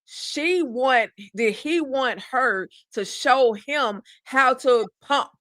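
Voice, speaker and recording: A woman's voice: high-pitched, extremely slow, fairly bright tone, no echo. A woman co-hosting a casual TV recap chat, giving frank, sassy commentary. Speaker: co-host.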